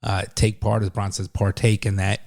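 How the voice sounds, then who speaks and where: A man's voice: on the low side, flat delivery, moderate pace, darkish tone. A man co-hosting a podcast in casual chat, often chiming in with short repeated agreements. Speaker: podcast co-host.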